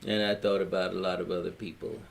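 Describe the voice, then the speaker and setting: A man's voice: deep voice, little pitch movement, fast talker, gravelly, slight background noise. Older Louisiana man, plain-spoken elder recalling family history at length. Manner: rambling, plain-spoken storyteller acting out quotes. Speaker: family elder telling his story. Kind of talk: storytelling in a family history recording.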